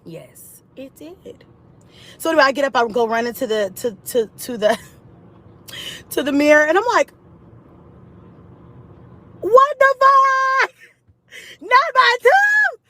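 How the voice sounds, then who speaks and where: A woman telling a personal story to her camera in a casual, animated way, with frequent swearing. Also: high voice, normal speed, long pauses, poor audio. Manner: animated and profane, with laughs.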